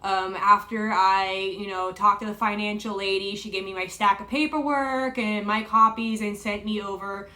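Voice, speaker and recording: Young woman vlogging, bright tense voice, says like a lot, chatty storytelling. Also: mid-range voice, steady tone, moderate pace, hardly any pauses. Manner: chatty, lots of fillers and "like", retells dialogue. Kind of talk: casual storytelling to camera.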